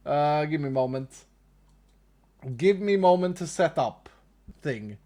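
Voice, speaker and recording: A man's voice: a little high, animated, measured pace, pauses often, mellow. Chuckling Swedish man streaming. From Sweden. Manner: chuckly, repeats phrases, talks to chat. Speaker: livestreamer. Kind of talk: casual live-stream chat.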